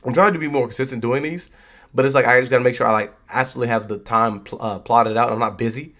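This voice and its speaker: Young man, live streamer, casual chat, slangy, laid-back, mid-pitched voice. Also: fairly even intonation, fast, fairly bright tone. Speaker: streamer reacting to wrestling.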